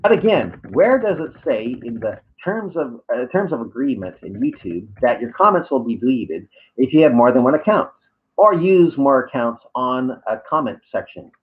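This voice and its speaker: A man's voice: medium pitch, sing-song, moderate pace. A man reading out and answering online comments, sarcastic and hesitant, with many fillers. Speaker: YouTuber. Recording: tinny phone-like audio.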